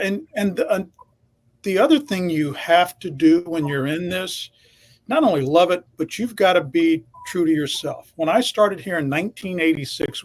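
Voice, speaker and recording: A man in his sixties, a veteran TV reporter, telling a confident, emphatic story from his career. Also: fairly high pitch. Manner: confident, emphatic anecdote teller. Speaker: TV reporter guest. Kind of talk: storytelling in interview.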